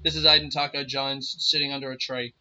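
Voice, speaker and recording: A man's voice: mid-range voice, little pitch movement, brisk, sharp tone. A man hosting a casual podcast, rambling, swearing freely and telling stories outdoors under a tree. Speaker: podcast host. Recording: dull lo-fi recording.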